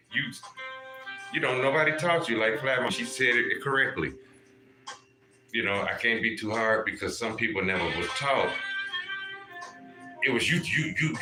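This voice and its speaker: A man's voice: lowish voice, echoey room. A man hosting a livestream, lecturing his viewers in a profane, preachy way and calling out to people in the chat. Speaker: livestream host.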